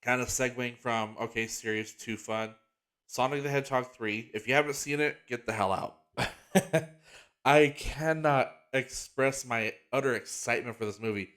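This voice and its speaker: A man's voice: mid-range voice, moderate pace, a bit bright, clear, resonant tone. Rambling, enthusiastic male podcast host. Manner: rambling, enthusiastic, heavy use of "like" and restarts; gets emotional and earnest about a heartfelt topic. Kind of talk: casual solo podcast chat.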